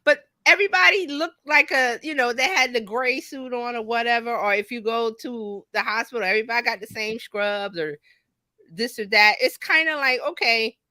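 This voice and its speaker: A chatty woman coach talks shop in a bright, forceful voice. Her pitch sits a bit high and her delivery is animated. The sound is dry and close. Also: moderate pace, no room sound. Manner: animated, chatty, laughs often. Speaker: marketing coach. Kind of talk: casual podcast chat.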